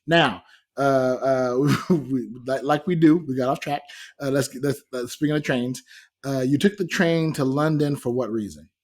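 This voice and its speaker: A man's voice: mid-range voice, moderate pace. A man co-hosting a podcast, chatting casually and laughing often as he jokes around. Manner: laughs often, playful, trails off. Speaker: podcast co-host.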